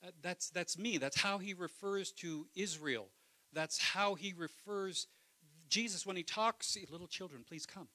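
A man, a pastor, preaching a sermon in church, swinging between loud impassioned lines and quiet asides. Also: sits high, measured pace, rough recording.

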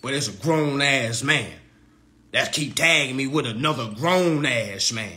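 A man hosting a comedic roast livestream, talking in an animated, profane way and laughing often. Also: mid-range voice, a little slow. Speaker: livestream host.

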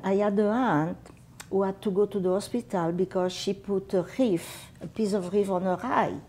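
A woman in her eighties with a French and Catalan accent, a native Catalan speaker, recalling her wartime childhood for an interviewer in unhurried, halting English. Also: medium pitch, mellow. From France. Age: 80s. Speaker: veteran oral history interviewee. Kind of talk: personal war memories told to an interviewer.

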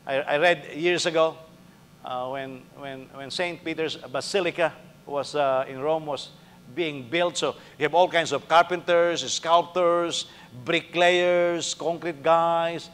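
A male pastor delivers a conversational sermon, acting out little dialogues and firing rhetorical questions at the congregation. His voice is a little high with a fairly bright tone, set in a big-room sound.

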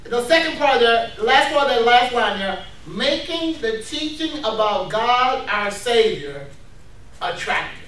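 A man preaching a lively sermon to a congregation, laughing often and calling out for responses. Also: very high-pitched, a little slow. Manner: energetic, laughing, calls for responses. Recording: very echoey room from far off.

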